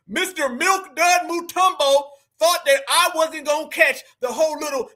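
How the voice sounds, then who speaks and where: A man's voice: very high voice, unhurried, sharp tone. A man hosting a live stream, reacting to clips with slangy, mocking commentary and talking straight to his chat. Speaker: livestream political commentator.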